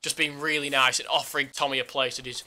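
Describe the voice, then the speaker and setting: A man's voice: medium pitch, level tone, fast, pushed and bright. A man co-hosting a casual sports podcast, teasing his partner in jokey banter. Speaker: podcast co-host.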